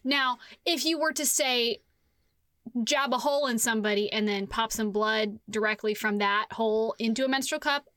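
A woman's voice: on the high side, normal speed, a bit bright, dry recording. A woman hosting a casual podcast from a small closet studio, joking, laughing and swearing freely. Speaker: podcast host.

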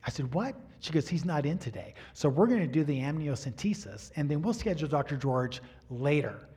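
A middle-aged male pastor with a high-pitched voice tells a personal story from the pulpit. He is an animated storyteller who acts out each exchange of dialogue as he goes. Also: fairly quick, husky. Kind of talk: sermon storytelling.

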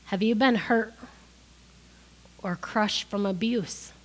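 A woman's voice: medium pitch, takes it slowly. A middle-aged woman preaching a sermon, crying as she gives an emotional testimony that builds to emphatic peaks.

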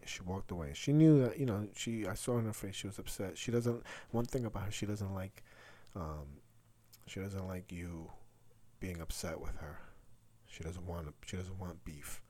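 A man's voice: low voice, moderate pace, dark tone. A middle-aged man, hosting a casual solo podcast, talking candidly and rambling with many fillers and restarts. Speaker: podcast host.

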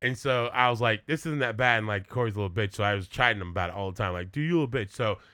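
A man's voice: on the low side, racing, sharp tone, clear, resonant tone, no room sound, studio quality. A man co-hosting a podcast, telling a rambling, profane anecdote in casual chat with lots of filler words. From born in California, early years in Minnesota. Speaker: podcast co-host.

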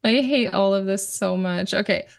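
A woman's voice: mid-range voice, moderate pace, creaky, dry recording. A woman guest on a casual film podcast, talking candidly, swearing freely and laughing often.

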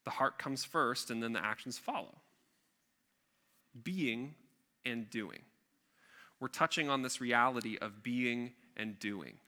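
A man's voice: medium pitch, slow, long pauses, pushed and bright. A man preaching a sermon in a conversational, emphatic way, with chatty asides to the congregation. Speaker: pastor.

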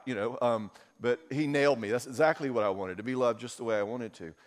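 A man's voice: medium pitch, quick pace. A man giving a conference talk, telling personal stories candidly and with feeling. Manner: candid, storytelling, emotional. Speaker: conference speaker. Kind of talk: talk with audience Q&A. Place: conference hall. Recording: reverberant hall.

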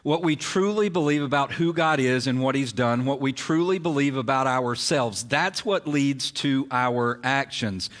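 A man's voice: medium pitch, measured pace, hardly any pauses, fairly bright tone, big-room sound. A male pastor preaching an earnest, emphatic sermon, repeating key phrases for weight.

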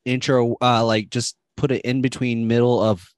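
A male co-host chatting loosely about movies, full of "um"s and asides. His voice is mid-pitched and sits very dry and close. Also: little pitch movement, normal speed, no echo. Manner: rambling, filler-heavy, laughs often. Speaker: podcast co-host. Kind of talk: casual movie-podcast chat.

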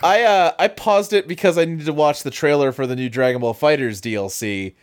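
A man co-hosting a casual podcast, giving wry, animated commentary with frequent laughs. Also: a little high, fairly quick. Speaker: podcast co-host.

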